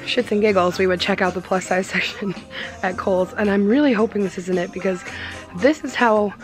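A woman's voice: medium pitch, normal speed, faint music behind. A young woman vlogging in a casual, bubbly, giggly way, saying "like" often. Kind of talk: casual vlog chat.

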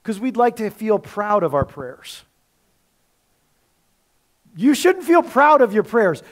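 A man's voice: sits high, sing-song, slow pace. A male pastor preaching a sermon in a conversational way, with rhetorical questions.

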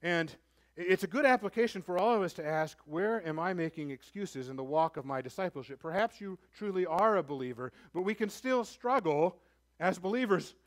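With lively intonation and a moderate pace, a man preaches as pastor in a church. His earnest, pleading sermon rises to forceful emphasis and then falls back to something low and gentle.

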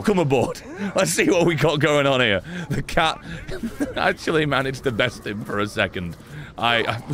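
A man giving sarcastic, excitable let's-play commentary, swearing often and talking back to characters in the game. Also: high voice, background noise. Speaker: gaming streamer.

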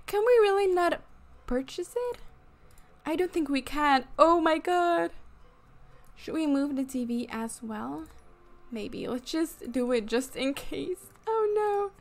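A woman casually commenting on her gameplay, excitable and giggly, exclaiming often. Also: high-pitched. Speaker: gaming YouTuber. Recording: fan noise in the background.

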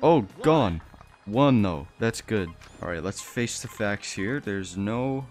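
Young man, gaming commentary, laughs a lot, bursts of surprise, slow-paced talk. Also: on the low side, soft background music. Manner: excitable, laughs often, shouts in surprise. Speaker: gaming YouTuber. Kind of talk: game commentary.

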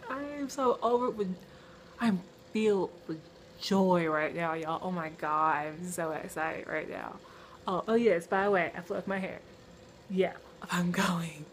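A young woman, vlogging to her phone camera, gushing with excitement and exclamations. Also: mid-range voice, measured pace. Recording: noisy phone vlog.

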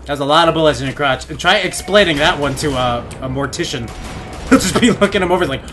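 A young man giving crude, goofy gameplay commentary on a headset in his bedroom, often laughing and yelling out suddenly. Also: fairly high pitch, brisk, faint music behind. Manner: goofy, giggly, crude jokes, sudden loud outbursts. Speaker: gaming let's play host.

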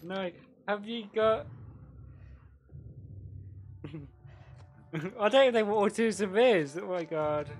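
A man live-streaming a game, giggling constantly and yelping excited exclamations between casual chat. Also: high voice, slow pace, pauses often. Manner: giggly, laughing through his words.

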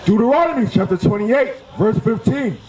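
Very high-voiced man reading scripture slowly. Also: expressive, a little mellow, rough recording. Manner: slow, measured, declaiming. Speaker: scripture reader. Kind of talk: reading Bible verses aloud.

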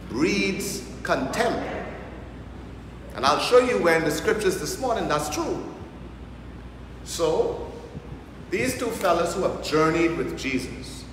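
Bahamian priest preaching in an echoing church. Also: male voice, on the high side, fairly bright tone. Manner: humorous preaching in local vernacular. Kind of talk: sermon. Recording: echoey church hall, faint noise.

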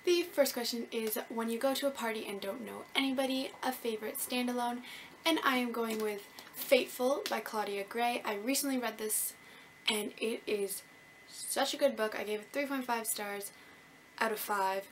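A woman's voice: fairly high pitch, moderate pace, a little hiss or hum. A young woman from Canada, a book vlogger chatting to camera in a bubbly, gushing and self-mocking way. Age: young adult. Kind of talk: casual chat to camera.

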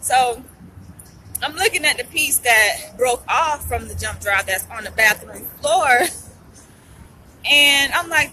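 Young woman venting on her vlog, bright voice, kinda high, music faint behind. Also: lively intonation, slow, low-quality recording. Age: young adult. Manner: upset, venting, says y'all a lot. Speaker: vlogger. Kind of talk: casual vlog storytelling.

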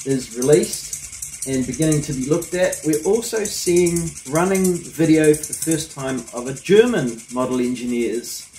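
A man's voice: on the high side, a little mellow, roomy sound. A man hosting a hobby engineering channel, talking casually and rambling with frequent ums and you-knows. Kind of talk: casual vlog commentary.

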